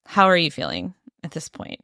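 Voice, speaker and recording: Animated woman host telling a story. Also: low-pitched, moderate pace, creaky, no echo, studio quality. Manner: animated, acts out quotes, laughs often. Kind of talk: casual storytelling chat.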